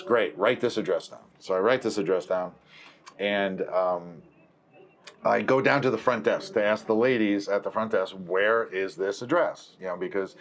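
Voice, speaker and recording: Man, film producer, rambling storyteller, slightly low voice, acts out quotes. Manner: rambling, self-correcting, acts out quoted dialogue. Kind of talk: conversational storytelling.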